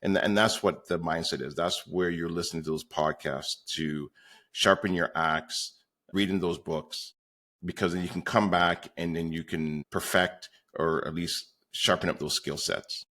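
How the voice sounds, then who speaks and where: A man's voice: sits low, fairly even intonation, measured pace, pushed and bright. A man guesting on a podcast, telling stories in a rambling, conversational way with many fillers. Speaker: podcast guest, real estate coach. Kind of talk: conversational storytelling.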